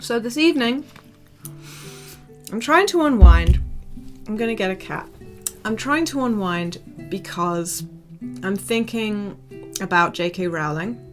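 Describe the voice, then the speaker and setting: A young woman streaming, chatting casually with her viewers, rambling with many ums and soft laughs. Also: mid-range voice, lively intonation, measured pace, pauses often. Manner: rambling, frequent ums, soft laughs, talks to chat by name. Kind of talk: casual livestream chat. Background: soft guitar music.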